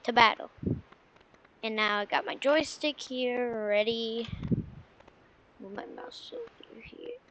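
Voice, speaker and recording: A woman giving excitable, panicky live commentary while playing a flight game. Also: fairly high pitch, slow, pauses often, a little hiss or hum, rough recording. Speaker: gamer. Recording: loud game engine and gunfire behind.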